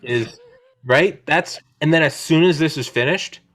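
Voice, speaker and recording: A man's voice: fairly high pitch, unhurried. Rambling, profane man hosting a podcast. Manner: rambling, profane, animated storytelling. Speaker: podcast host. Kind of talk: casual chat. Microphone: own microphone over video call.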